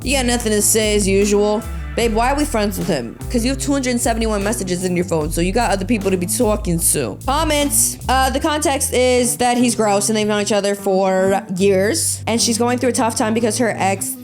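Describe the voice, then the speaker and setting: A young woman hosting a solo podcast, reading out and mocking stories with sarcastic, crude commentary and quick impressions. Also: mid-range voice, over music. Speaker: podcast host.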